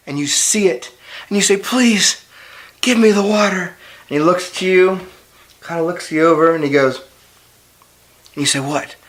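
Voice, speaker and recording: Playful dad telling a dramatic lesson. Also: male voice, high-pitched, fairly bright tone. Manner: dramatic, playful, builds suspense. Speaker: homeschool teacher and father. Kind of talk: storytelling lesson.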